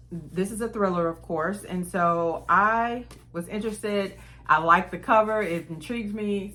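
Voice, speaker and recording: Chatty woman vlogger, lowish voice. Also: fairly bright tone. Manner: chatty, enthusiastic, addresses viewers as y'all. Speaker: book vlogger. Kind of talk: casual chat to camera.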